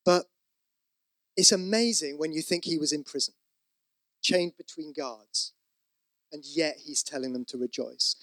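A man's voice: on the high side, measured pace, pauses often, fairly bright tone, no echo. A man preaching a sermon, conversational with asides, rising to emphatic repeated exhortations. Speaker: pastor.

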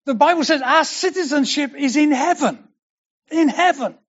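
A man's voice: very high-pitched, lively intonation, normal speed, lo-fi sound. An older man preaching a sermon as pastor, earnest and building to emphatic declarations.

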